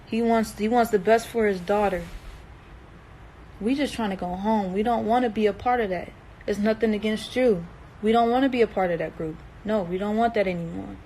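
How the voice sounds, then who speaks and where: A woman's voice: mid-range voice, normal speed, mellow, a little hiss or hum, poor audio. A young woman in a distressed, emotional livestream monologue, earnest and emphatic, repeating herself and swearing.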